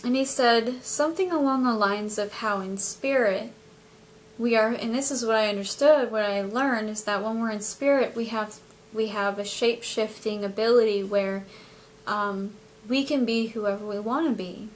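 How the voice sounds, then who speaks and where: A woman telling a personal story in a casual, animated way, often hedging what she remembers. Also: a little high, normal speed, slight background noise. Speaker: spiritual channel host.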